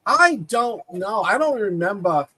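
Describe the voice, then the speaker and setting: A man co-hosting a casual live-streamed chat with wry quick quips. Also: high voice, sing-song, bright, forceful tone. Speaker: co-host.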